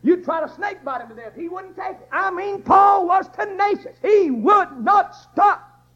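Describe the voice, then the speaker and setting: Fiery high-pitched preacher man. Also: animated, a little slow, fairly bright tone, faint music behind. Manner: emphatic, repetitive preaching cadence. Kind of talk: fiery Baptist sermon. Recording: dull lo-fi church recording.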